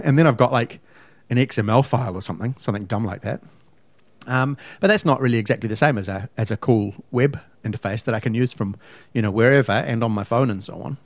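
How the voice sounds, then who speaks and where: A man's voice: medium pitch, dry recording. A man co-hosting a podcast in casual chat, ranting emphatically and fussing over word meanings. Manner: ranting, emphatic, pedantic about words. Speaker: podcast co-host.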